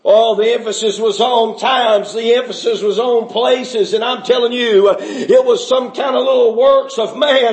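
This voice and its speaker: A middle-aged man preaching a fervent testimony sermon, building from quiet recollection into shouting. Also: very high voice, unhurried, hardly any pauses. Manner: fervent, rising to shouts, Southern preaching cadence.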